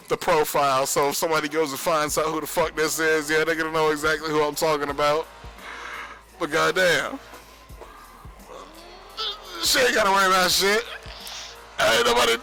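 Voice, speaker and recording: A young man rambles on a livestream, swearing freely and boasting between bursts of laughter. His voice sits high and sounds bright and edgy. Faint music plays behind him. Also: creaky, poor audio. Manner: profane, boastful, laughs often. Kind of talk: rambling casual stream monologue.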